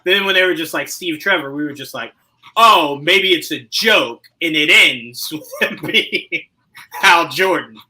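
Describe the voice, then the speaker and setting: A man hosts a loose podcast conversation with a very bright voice pitched a little high. He talks in bursts, laughing often. His volume swings from quiet asides to loud exclamations. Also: moderate pace, rough recording. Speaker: podcast host. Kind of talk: casual chat.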